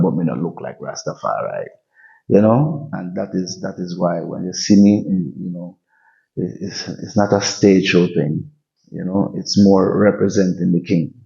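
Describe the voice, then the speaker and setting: A man with a gravelly voice talks through an interview in a loose, relaxed way. His tone is dark and mellow, and he often restarts his phrases. The recording sounds dull and lo-fi. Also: low-pitched. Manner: relaxed, restarts often, many "you know" tags. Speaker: guest, reggae artist. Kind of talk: casual interview chat. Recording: muffled lo-fi audio.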